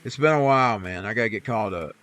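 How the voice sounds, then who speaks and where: A lowish, fairly bright voice with lively intonation belongs to this fast-talking streamer. He chats while gaming, meandering in a folksy way through faith and scripture with preachy remarks.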